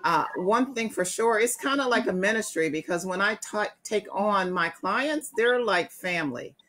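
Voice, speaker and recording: A woman real estate agent, answering in a measured, hesitant way. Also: medium pitch, a bit bright. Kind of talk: guest interview.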